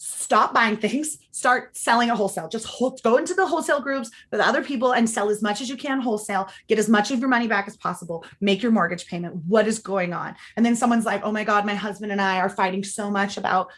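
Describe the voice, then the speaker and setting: A woman in her thirties, a guest on a podcast interview, tells her story chattily with lots of "like" fillers, acting out quoted dialogue in changed voices. Her medium-pitched voice is quick, a bit bright, and has few pauses.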